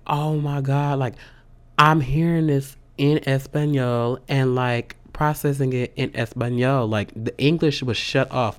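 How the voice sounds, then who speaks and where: A man in a casual vlog update, talking excitedly and loosely with many fillers and slang like y'all. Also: medium pitch. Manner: says "y'all" and "sis". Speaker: vlogger.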